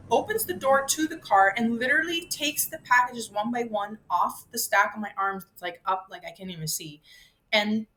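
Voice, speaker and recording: A woman in her fifties telling a personal story, rambling and breaking off mid-sentence, acting out the voices in it. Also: on the high side. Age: 50s. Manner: animated, acts out her own voice and others' in the story; rambling, self-interrupting. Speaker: vlogger.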